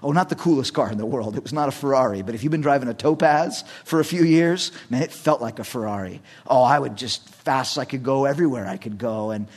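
A middle-aged male pastor preaching a sermon, telling personal stories in an animated way and acting out the voices in them. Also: mid-range voice, quick pace, few pauses. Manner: animated storytelling, acts out shouted quotes.

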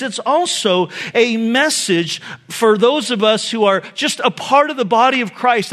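A middle-aged pastor giving a sermon, telling a family story in a loose, conversational way with fillers and laughs. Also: male voice, extremely high pitch, a bit bright. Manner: conversational, many fillers, laughs at own stories.

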